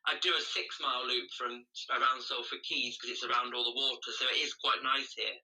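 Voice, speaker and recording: A man's voice: medium pitch, flat delivery, brisk, sharp tone, recorded from a distance, rough recording. A man chatting as a podcast guest, telling running stories with frequent restarts. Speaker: podcast guest, charity runner. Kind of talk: casual interview chat.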